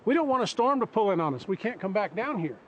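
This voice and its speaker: A man's voice: high-pitched, very animated, fast talker, dull audio, slight background noise. A man on a steep rock face giving matter-of-fact safety warnings. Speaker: hiking guide. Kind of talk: casual chat.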